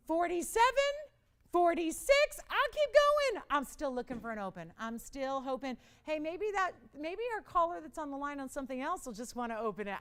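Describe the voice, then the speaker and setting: A woman hosting a live television jewelry auction, chatty and self-mocking, with dramatic pleas for bids and frequent laughs. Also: sits high. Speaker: live shopping host.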